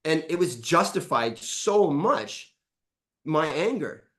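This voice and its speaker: In a frank testimonial, a middle-aged coaching client talks in a fairly high voice at a slow pace. He's lively and foul-mouthed, reenacting old conversations as he goes.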